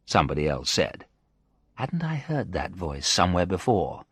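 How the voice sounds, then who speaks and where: Sex: man. Role: storyteller. Style: graded-reader narration. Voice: low, bright, dry. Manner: slow, clear and expressive. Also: dry recording.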